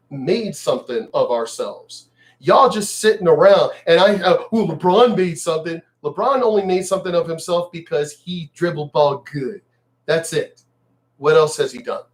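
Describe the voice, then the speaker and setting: A man's voice: a little high, low-quality recording. Blunt, profane ranting man. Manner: mocks others in put-on voices. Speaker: vlogger. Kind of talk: ranting commentary vlog.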